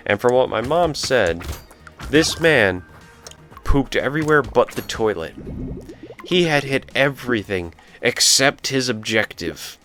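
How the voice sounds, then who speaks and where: A man tells a rambling story while playing a video game, occasionally stopping to react to what's happening. He's a let's play commentator whose somewhat low voice sounds bright and forceful.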